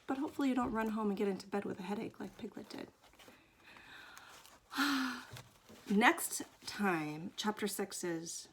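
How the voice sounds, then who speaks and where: A woman reading a children's book aloud, expressive and fond, often dropping into hushed whispers. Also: a little high, a little hiss or hum. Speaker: storyteller.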